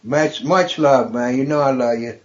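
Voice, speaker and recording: A man guest on a casual podcast, telling stories and jokes and laughing loudly at his own punchlines. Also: medium pitch, normal speed, highs cut off, slight background noise. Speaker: comedian guest.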